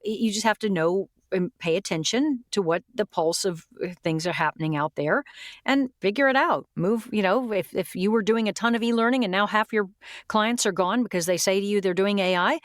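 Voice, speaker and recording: A woman's voice: mid-range voice, brisk, no room sound, studio quality. A woman who coaches voice actors, talking candidly and plainly in a casual podcast interview. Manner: candid, straightforward, chatty.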